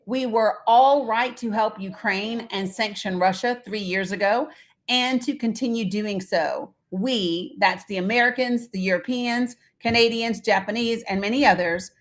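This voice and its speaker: A woman's voice: medium pitch, a little slow. A woman hosting a casual live stream, talking bluntly with lots of fillers and reading out viewer comments. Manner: chatty, blunt, with frequent fillers; reads viewer comments aloud and talks to her kids mid-stream.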